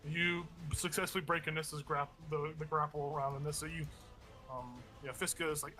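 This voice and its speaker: Bright-voiced man running a tabletop game. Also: a little high, steady tone, a little fast, faint music behind. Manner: explains rules with many fillers. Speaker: game master.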